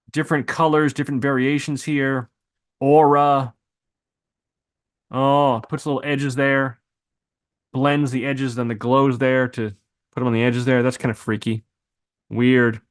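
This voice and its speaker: A man of ordinary middle pitch leads a screen-recorded editing tutorial. He thinks aloud as he clicks through presets, tossing in loose asides and quick exclamations. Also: little pitch movement, smooth. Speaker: video editing instructor.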